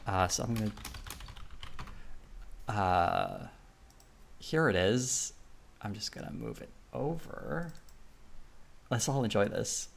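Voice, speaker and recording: Gravelly low-voiced man chatting on stream. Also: huge pitch swings, slow, pauses often, slight background noise. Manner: rambling, filler-heavy, laughs often. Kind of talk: casual live-stream chat.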